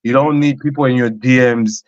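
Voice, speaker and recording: A man co-hosting a casual podcast, telling stories in a relaxed, chatty way with lots of fillers. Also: medium pitch, fairly quick, no echo. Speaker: podcast co-host. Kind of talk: casual banter. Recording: dull dry lo-fi sound.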